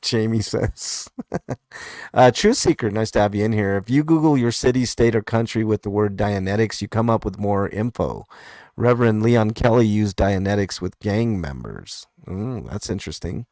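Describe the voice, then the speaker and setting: A man's voice: fairly low pitch, a little mellow, no echo, studio quality. A man hosting a casual comment show, reading viewer comments aloud in a laid-back, hesitant way with lots of fillers and small chuckles.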